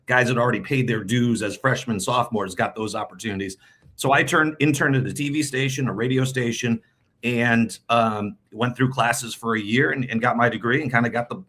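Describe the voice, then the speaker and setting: Middle-aged guy, bright voice, rambly with lots of restarts, chatting as a guest. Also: medium pitch. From New England. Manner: rambling, many restarts and repeats. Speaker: guest, team broadcaster. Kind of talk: casual interview chat.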